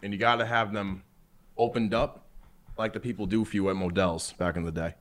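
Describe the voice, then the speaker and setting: A young man with a fairly low voice talks loosely on a call, packing his sentences with "like" and "bro". His speech comes through a phone. He sounds casual and unhurried. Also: fairly even intonation, a bit bright. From New York. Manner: rambling, lots of "like" and "bro". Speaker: caller. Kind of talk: casual chat.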